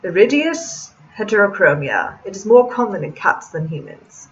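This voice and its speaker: A woman voicing a theatrical, pompous male cafe owner in a game, speaking slowly and grandly in a put-on accent. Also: mid-range voice, lively intonation, darkish tone, recorded from a distance, dull audio, natural voice. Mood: smug.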